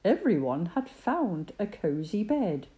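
A woman reading a children's story aloud in an expressive, sing-song way. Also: mid-range voice, slow.

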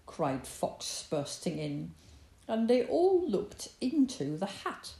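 A woman reading a children's story aloud in an expressive, sing-song way. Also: medium pitch, slow, vocal fry. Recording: roomy echo.

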